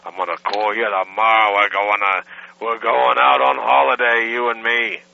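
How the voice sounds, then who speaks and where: A man's voice: lowish voice, flat delivery, moderate pace, creaky. A man putting on a crude, boastful persona while leaving a prank voicemail message, woofing between lines. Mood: leering. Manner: crude, barking repeated woofs. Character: leering, boastful man caller. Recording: dull lo-fi recording.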